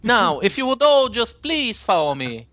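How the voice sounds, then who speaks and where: A man's voice: extremely high pitch, sing-song, moderate pace, sharp tone, no room sound, pitched above the performer's own voice, heavily acted. A man putting on a courteous British robot butler. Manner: courteous, formal, welcoming. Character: overly polite British male robot butler.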